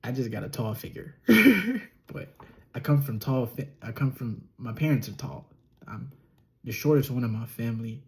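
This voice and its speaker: A young man telling a personal story as a relaxed podcast monologue, slightly nasal and often chuckling or trailing off. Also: mid-range voice, normal speed, slight background noise. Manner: laid-back, chuckling, trails off with ums. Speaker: podcast host.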